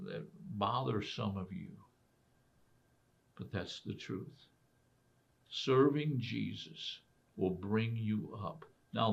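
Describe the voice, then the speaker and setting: A man's voice: on the low side, creaky. A man preaching a sermon as pastor, asking rhetorical questions and pressing each point with emphasis. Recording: dull lo-fi recording.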